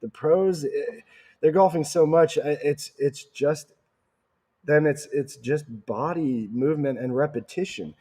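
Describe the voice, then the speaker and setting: A man's voice: on the high side, measured pace, dark tone, breathy edge. A man co-hosting a casual sales podcast, chiming in with short agreements and tips. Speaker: podcast co-host.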